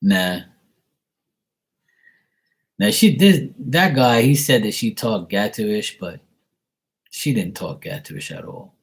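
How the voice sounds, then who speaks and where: A man's voice: lowish voice, animated, takes it slowly, gravelly, pauses often, husky. A man from Bermuda with a Bermudian accent, rambling chattily in a casual vlog as he answers viewer questions. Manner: chatty, digressive, mimics other people's voices in quotes.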